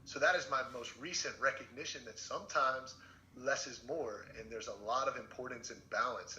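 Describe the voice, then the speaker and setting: A man's voice: mid-range voice, pushed and bright. A man hosting a podcast, talking in a reflective way and thinking aloud as he asks questions. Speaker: podcast host. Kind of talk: casual interview. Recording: echoey dull room with faint noise.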